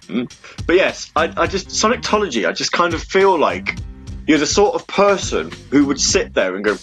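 Rambling guy hosting a fan radio show, kinda high voice, jumps around a lot. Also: big pitch swings, normal speed, fairly bright tone, soft background music. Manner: rambling, self-interrupting, puts on voices. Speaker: podcast host. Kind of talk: casual fan radio chat.

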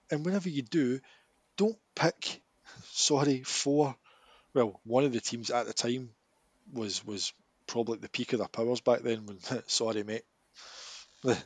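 Animated Scottish man, slightly husky. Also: mid-range voice, dry recording. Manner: animated, laughs often, emphatic rants. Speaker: podcast co-host. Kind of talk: casual chat.

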